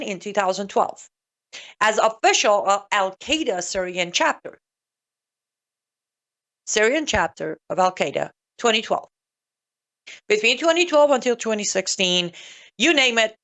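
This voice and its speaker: Female commentator, sarcastic and emphatic, mid-pitched voice. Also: a bit bright. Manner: sarcastic, emphatic, repeats points for stress. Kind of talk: solo political commentary.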